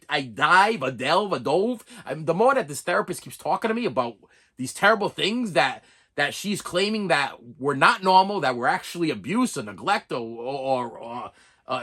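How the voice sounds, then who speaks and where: A man's voice: sits high, sharp tone. A middle-aged man talking candidly to camera on his own channel, rambling and venting with frequent restarts and dry jokes. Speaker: channel host. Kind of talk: candid vlog monologue.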